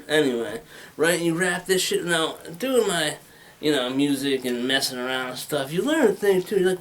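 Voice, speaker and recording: Fairly quick and expressive, this thirtysomething man's voice sits a little high. He's doing crude, rambling stand-up into a handheld mic, acting out characters with wide swings.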